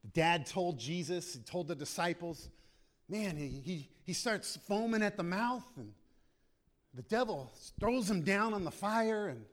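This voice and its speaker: A man's voice: high-pitched, lively intonation, unhurried. A man preaching a sermon with passion, acting out prayers aloud as he speaks. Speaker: pastor.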